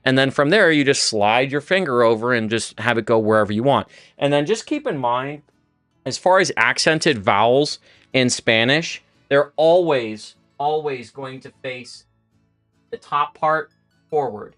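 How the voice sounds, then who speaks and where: A man's voice: medium pitch, lively intonation, measured pace, fairly bright tone, no echo, clean studio sound, soft background music. A man who is a native English speaker, teaching Spanish on a casual livestream, rambling and often restarting his sentences. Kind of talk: livestream lesson.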